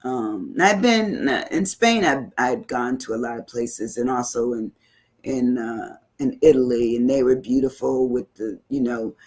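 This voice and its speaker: A woman's voice: extremely low pitch, measured pace, darkish tone, slightly rough. A woman hosting an online talk show, chatting casually and reflectively as she reads viewer comments aloud, with many "you know" asides.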